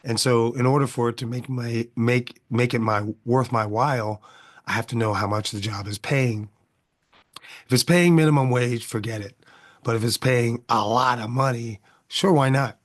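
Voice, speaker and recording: A man's voice: medium pitch, fairly even intonation, normal speed. A middle-aged man hosting his own podcast, talking through a casual monologue full of rhetorical questions and tags of "right?". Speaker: podcast host.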